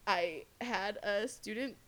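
A woman's voice: medium pitch, slow pace, a little hiss or hum. A young woman co-hosting a podcast, telling stories in casual chat with frequent laughter and swearing. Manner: animated, swearing, laughing storyteller. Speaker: podcast co-host.

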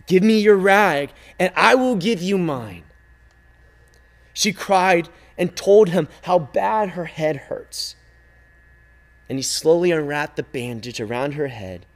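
A man telling a parable slowly and expressively, calling out loudly at times and sinking to a hush at others. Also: a little high. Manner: slow, expressive telling, swinging from loud calls to hushed near-silence. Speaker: storyteller. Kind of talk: dramatic storytelling.

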